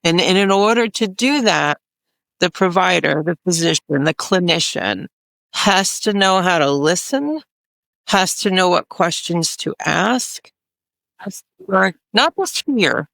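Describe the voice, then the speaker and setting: A woman's voice: fairly low pitch, animated, a little slow, gravelly, fairly bright tone, no room sound, studio quality. A woman clinician on a health panel, speaking emphatically and repeating phrases for stress. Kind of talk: panel discussion.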